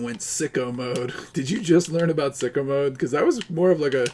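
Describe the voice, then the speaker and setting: A man's voice: on the high side, normal speed, few pauses, a little mellow. A man live-streaming while gaming, chattering in a rambling, crude, joking way to his viewers.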